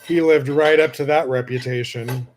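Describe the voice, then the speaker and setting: A man's voice: mid-range voice, steady tone, normal speed. A man hosting a solo podcast, talking in a casual, rambling way with lots of fillers and swearing. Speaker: podcast host.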